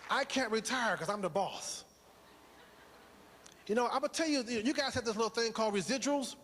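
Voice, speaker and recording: Male motivational speaker, high voice, preacher-like cadence, reverberant hall. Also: normal speed, a bit bright, a little hiss or hum. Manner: preaching, rhetorical questions, repetition. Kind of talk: motivational speech to a live audience.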